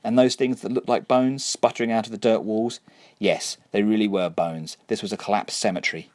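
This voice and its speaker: A man narrating a story in a dry, wry, measured way. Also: on the low side, fairly even intonation, darkish tone, no room sound. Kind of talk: scripted narration.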